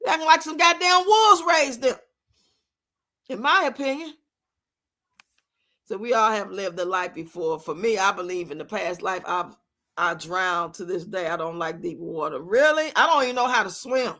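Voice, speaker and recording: On a streaming mic, a woman streamer rants casually during a live stream, her medium-pitched voice sharp in tone and her pace moderate. She's blunt and profane, scolding with lots of swearing.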